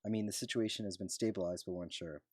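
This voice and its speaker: A man's voice: low voice, fairly even intonation, quick pace, a little mellow, slightly rough, no room sound, studio quality. A man voicing a friendly father who calls to check in, easygoing and reassuring.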